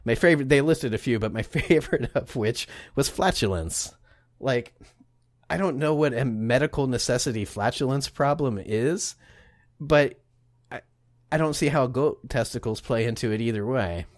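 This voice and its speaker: A podcast co-host casually tells an odd history story, joking, swearing and laughing often in a comedic chat. His medium-pitched voice moves at normal speed, recorded cleanly in a studio with no room sound.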